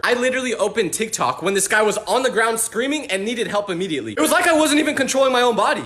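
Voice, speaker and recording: A young adult man from California telling comic stories in an animated, exaggerated way. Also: high-pitched, echoey room. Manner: animated, exaggerated and quick-talking. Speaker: comedy creator. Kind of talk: comedic storytelling monologue.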